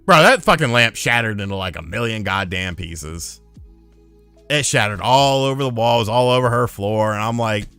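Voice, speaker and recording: Profane, lively man telling a story. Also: fairly low pitch, moderate pace, clear, resonant tone, no echo, faint music behind. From lived in North Carolina. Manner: profane, animated, loud when retelling a fight. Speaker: streamer. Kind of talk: casual storytelling on a live stream.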